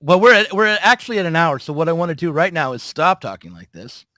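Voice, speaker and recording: Man, podcast host, fairly high voice, dry close mic, hesitant and jokey. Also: sing-song, quick pace, pushed and bright, dry recording. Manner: hesitant, joking, with many restarts and laughs. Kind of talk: casual conversational interview.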